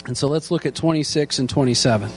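A man teaching a Bible passage in an earnest sermon, slowing down to stress the key lines. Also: mid-range voice, slight background noise. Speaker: pastor teaching a Bible study.

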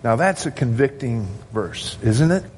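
A man's voice: mid-range voice, lively intonation, measured pace, noisy background. A male pastor preaching a sermon to his congregation, earnest and asking rhetorical questions.

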